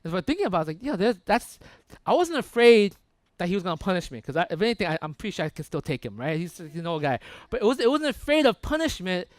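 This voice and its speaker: A man preaching a sermon in a conversational, animated way, often checking in with the congregation. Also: high-pitched, rapid-fire, no room sound. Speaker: pastor. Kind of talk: sermon with storytelling.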